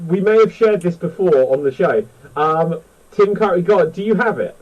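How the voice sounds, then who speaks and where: A man hosting a casual panel chat, excitable and chatty. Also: high-pitched, normal speed, lo-fi sound. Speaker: host.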